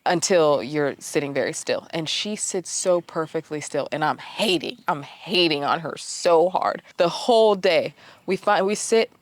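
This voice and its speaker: A woman vlogger telling a personal story in a candid, self-mocking way with lively asides. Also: deep voice, a little slow, no room sound.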